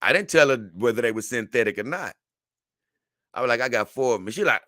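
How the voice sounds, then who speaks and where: A man's voice: mid-range voice, animated, a little fast, bright, forceful tone, dry recording, clean studio sound. A middle-aged man hosting a casual talk show, answering viewer comments in a rambling way and often stammering as he restarts his words. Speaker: show host.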